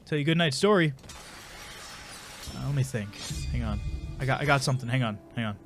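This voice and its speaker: A man's voice: medium pitch, animated, fairly quick, soft background music. A man with a congested voice giving casual, rambling, self-mocking commentary while playing a video game. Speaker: gameplay commentator. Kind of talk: casual let's play commentary.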